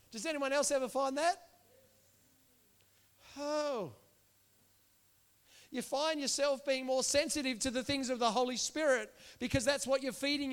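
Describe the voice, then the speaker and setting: A man's voice: very high voice, fairly bright tone, clean tone. A man preaching a sermon to a congregation, earnest and repetitive, building to impassioned calls. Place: church.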